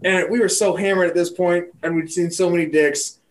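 A man in casual podcast chat, telling crude, animated stories and laughing often. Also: sits high, a little fast.

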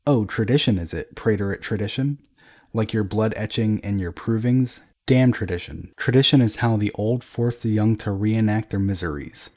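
A man voicing a boisterous drunken emperor who jeers loudly and bellows at those around him. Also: fairly low pitch, normal speed, natural voice. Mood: mocking. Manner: loud, jeering, theatrical outbursts.

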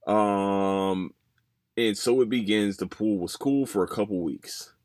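A man with a fairly low voice hosts his own podcast in loose, casual chat. He rambles, swears freely and jumps between topics. The sound is close and dry, with no room around it. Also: slow, no room sound. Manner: rambling, profane, animated storytelling. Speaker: podcast host.

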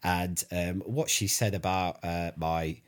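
A man's voice: low-pitched, fairly even intonation, slow pace. A man, talking in an improvised comedy chat in a boastful, rambling, hesitant way. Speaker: comic interviewee.

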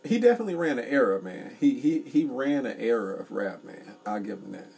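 A man co-hosting a casual comedy podcast, loud and joking as he tells stories. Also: medium pitch, fairly quick, gravelly, breathy edge, distant mic. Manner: loud, joking, animated storytelling. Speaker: podcast co-host.

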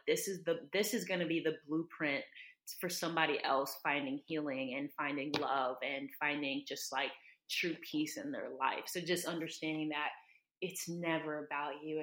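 A woman speaking earnestly and from the heart as a podcast guest, with a low-set but bright, forceful voice. She fills her talk with "like" as she goes. The sound is roomy, with a clear echo. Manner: earnest, heartfelt storytelling with many "like" fillers. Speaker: podcast guest, dietitian and author. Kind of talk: casual podcast conversation.

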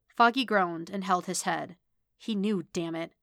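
Woman narrator, podfic reading, lowish voice, bright edge, dry close mic. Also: measured pace, gravelly, no echo. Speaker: podfic reader. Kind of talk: audiobook-style fiction reading.

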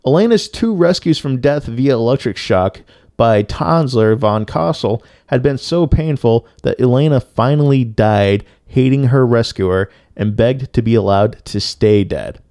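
A man's voice: medium pitch, animated, measured pace, mellow, no room sound, clean studio sound. A man co-hosting a podcast, telling a story in a loose, profane way with lots of filler words. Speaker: podcast co-host. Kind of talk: casual storytelling chat.

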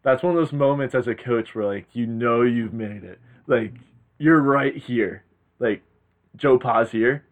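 A young man co-hosting a sports podcast, chatting in a relaxed, easygoing way. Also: medium pitch, muffled recording. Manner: relaxed, easygoing, quick to agree. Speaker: podcast co-host. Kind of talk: casual sports chat.

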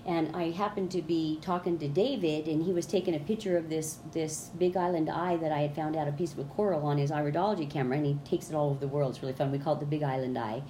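Woman guest, mellow tone, rambling animated storyteller who acts out her quotes. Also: low voice, fast talker, few pauses, slight background noise. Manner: rambling, with many restarts and fillers. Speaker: guest, colon hydrotherapist. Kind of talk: casual storytelling in an interview.

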